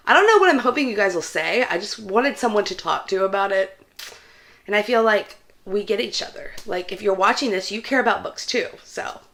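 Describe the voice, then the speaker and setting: A woman vlogging about books, talking in a chatty, animated way as she tells a story to her viewers. She laughs between phrases. Her pitch sits in a medium range for a woman. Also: fairly quick. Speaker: book vlogger. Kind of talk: casual vlog chat.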